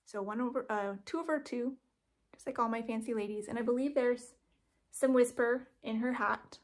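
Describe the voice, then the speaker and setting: In a casual show-and-tell vlog from her home craft room, a woman chats about her cross stitch projects. Her voice is a little high and her pace normal, and she rambles, correcting herself with plenty of ums.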